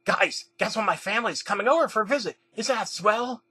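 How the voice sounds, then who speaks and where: A man voicing a cheerful male cartoon rabbit in a high, quick, chirpy voice. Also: expressive, pushed and bright, breathy edge, heavily acted. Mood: chipper.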